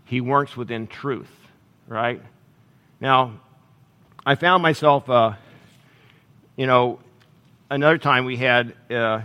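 A middle-aged male pastor preaching a sermon in a conversational, halting way, with restarts and self-deprecating humor. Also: fairly high pitch, bright, forceful tone. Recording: long hall reverb.

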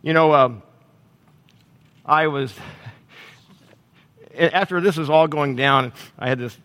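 A middle-aged male pastor preaching a sermon in a conversational, halting way, with restarts and self-deprecating humor. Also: on the high side, a bit bright, clear, resonant tone. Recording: long hall reverb.

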